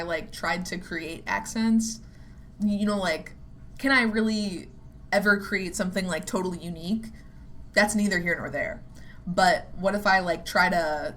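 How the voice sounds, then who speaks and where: A woman's voice: on the low side, a bit bright, a little hiss or hum. Rambling young woman podcaster. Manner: rambling, frequent "like" fillers, self-deprecating, swears casually. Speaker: podcast host. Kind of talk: casual solo podcast musing.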